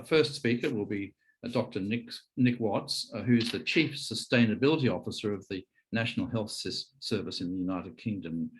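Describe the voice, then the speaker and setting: A man's voice: fairly low pitch, husky, poor audio. A man hosting a webinar, introducing speakers formally with frequent hesitations. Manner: hesitant, many fillers. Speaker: webinar host.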